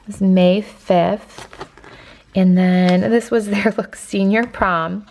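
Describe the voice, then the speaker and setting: Teary young woman with vocal fry. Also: mid-range voice, fairly even intonation, slow, a little mellow. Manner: chatty, many "like" fillers. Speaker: lifestyle vlogger. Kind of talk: casual chat to camera. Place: at home indoors.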